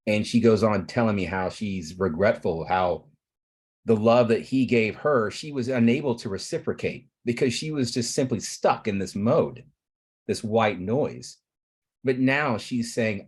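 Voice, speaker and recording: A man's voice: medium pitch, animated, unhurried, darkish tone, breathy edge. A man on a video call explaining a therapy in an earnest, rambling way, with frequent restarts.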